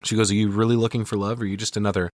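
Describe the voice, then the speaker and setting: A man co-hosting a podcast, retelling a film's scenes in a profane, animated way and acting out the dialogue. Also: on the low side, racing, no echo, studio quality. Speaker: podcast co-host. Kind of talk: casual movie recap chat.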